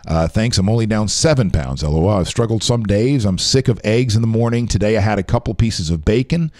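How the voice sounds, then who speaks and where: A man's voice: lowish voice, expressive, a little fast, darkish tone. A middle-aged man hosting a casual live stream, rambling and chatting with viewers in a tired, weak voice after a late night. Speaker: live show host. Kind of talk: casual livestream chat.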